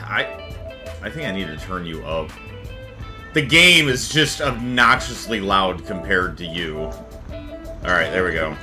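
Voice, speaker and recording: A man streaming a shooter game, chatting casually, animated and swearing freely. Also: deep voice, unhurried, pauses often, music in the background. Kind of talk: casual gaming chat.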